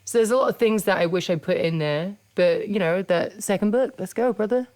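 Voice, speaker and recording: A woman's voice: fairly low pitch, fairly quick, a little mellow. A woman with an English accent in her thirties, hosting a casual chat, blunt and laid-back, swearing freely. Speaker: podcast host and wrestler.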